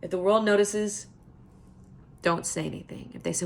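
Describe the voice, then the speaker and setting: A middle-aged woman speaking in a heartfelt motivational monologue, earnest and repeating phrases for emphasis, sometimes dropping to a soft whisper. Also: medium pitch, fairly even intonation, normal speed, creaky. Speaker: self-help vlogger.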